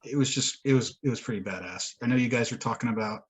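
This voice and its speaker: A man chats on a podcast with a husky, middle-pitched voice. He tells a long rambling story, swears freely and laughs often as he goes. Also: fast. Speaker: podcast co-host. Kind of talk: casual chat.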